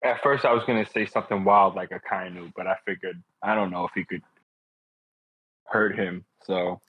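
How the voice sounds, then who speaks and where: A man's voice: deep voice, steady tone, normal speed, fairly bright tone, slightly rough, no room sound. A man co-hosting a podcast, asking hesitant questions in casual chat over dull lo-fi audio. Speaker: podcast co-host.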